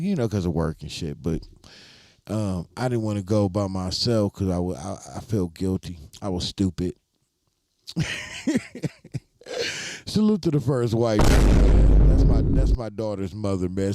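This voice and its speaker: A man talks loosely to his live-stream viewers, laid-back and rambling, swearing freely. His voice sits very low and mellow. The sound is close and dry, with no room around it. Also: dry recording. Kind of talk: casual live-stream chat.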